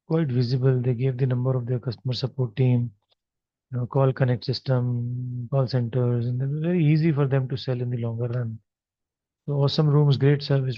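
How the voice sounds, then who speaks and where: A man with an Indian English accent lectures on marketing while talking through slides. He speaks off the cuff and fills pauses as he goes. The recording is dry and somewhat dull. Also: mid-range voice, no echo. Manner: unscripted explaining with many fillers.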